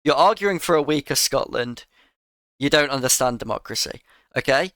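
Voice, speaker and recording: A man's voice: mid-range voice, lively intonation, normal speed, a bit bright, dry recording. A man giving a sarcastic, exasperated reaction rant to another creator's video.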